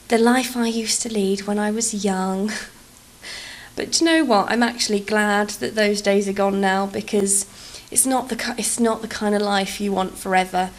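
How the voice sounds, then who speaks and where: A woman's voice: mid-range voice, fairly even intonation, moderate pace, poor audio. Chatty British woman vlogger. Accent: British English. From England. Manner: chatty, self-deprecating, rambling with fillers. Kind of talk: casual storytelling over a game build.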